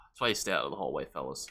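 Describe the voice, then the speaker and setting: A man streaming a game live, chatting with viewers and reacting loudly and with swearing to the action. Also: very deep voice, animated, a little fast. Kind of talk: live gameplay commentary.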